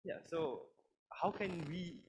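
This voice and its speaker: A male student asks a question in class, casual and a little hesitant. His voice sits slightly high, and a faint noise is heard behind him. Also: slow.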